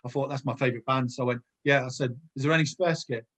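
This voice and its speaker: A man's voice: medium pitch, fairly even intonation, quick pace, fairly bright tone. A middle-aged man, a former footballer, chatting as a podcast guest and telling long rambling anecdotes full of restarts. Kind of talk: casual podcast chat.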